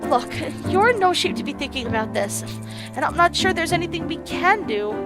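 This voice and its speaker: A caring young woman fusses over her friend in soothing tones, as a woman reads her part in a visual novel. The voice is high, and game music plays clearly behind. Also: big pitch swings, fairly quick.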